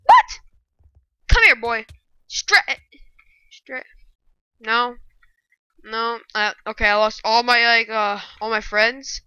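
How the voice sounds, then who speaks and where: A woman giving live gameplay commentary, excitable and bursting into loud shouting rants. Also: on the high side, slow, long pauses, clear, resonant tone, dry recording, highs cut off. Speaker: gaming video creator.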